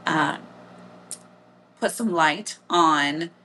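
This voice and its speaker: A woman's voice: deep voice, drawn-out words, pushed and bright, slight background noise. A middle-aged woman with a Midwestern accent, hosting a podcast in a candid, casual monologue full of blunt swearing. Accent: Midwestern American. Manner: blunt, frequent swearing, laughs easily. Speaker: podcast host.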